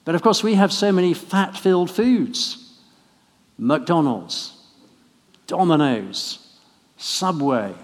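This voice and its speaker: A man from England preaching a harvest sermon in a church, conversational and gently humorous. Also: fairly high pitch, animated, takes it slowly, pauses often. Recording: long church reverb.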